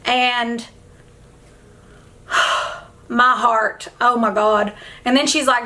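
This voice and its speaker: A young woman with a somewhat high voice talks in a loose get-ready-with-me chat at home. She is emotional and effusive, and she rambles between thoughts. She speaks into a camera set up in front of her. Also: steady tone, takes it slowly, pauses often, sharp tone. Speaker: beauty vlogger. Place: at home, indoors.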